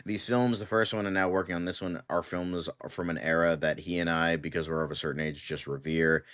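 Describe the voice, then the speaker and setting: A low-voiced man co-hosts a casual podcast chat, swearing freely and mocking people with quick impressions. His voice is close and dry, with no room sound around it. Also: steady tone, a bit bright, clear, resonant tone, dry recording. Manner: profane, sarcastic, mocking impressions. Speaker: co-host.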